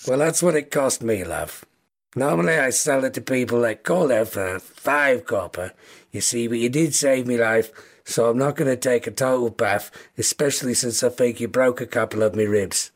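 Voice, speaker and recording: A man voicing a small, foul-mouthed male kobold who sells newspapers, with a thick Scouse accent and a gruff, chummy manner. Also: mid-range voice, normal speed, natural voice. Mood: grumbling.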